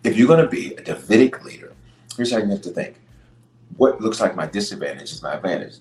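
Bishop-type preacher, man, low voice with wide swings, roomy sound. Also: lively intonation, quick pace, a little mellow. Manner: emphatic preacher with big swings in pitch. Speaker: bishop and podcast host. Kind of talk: preaching sermon on leadership.

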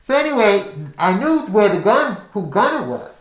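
A man's voice: high-pitched, very animated, normal speed. An older man telling a personal story casually, rambling with restarts and repeated words. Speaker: podcast storyteller. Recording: roomy echo.

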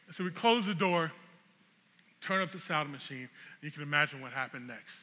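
Briskly, a high-voiced man with a very bright, piercing tone spins an animated, humorous anecdote as a sermon illustration, sounding like a pastor preaching from a stage. The long reverb of a big hall surrounds his voice.

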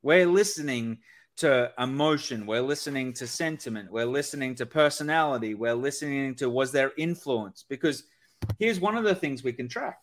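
Speaking at a medium pitch and normal speed, a man joins a conversational podcast as a sales expert guest. He's energetic, dramatizing back-and-forth from sales calls.

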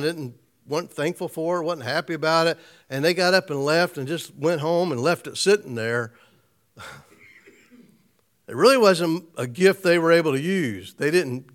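High-voiced man preaching casually. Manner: conversational, repeats and restarts, chuckles often. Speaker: pastor. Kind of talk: informal sermon to a small group.

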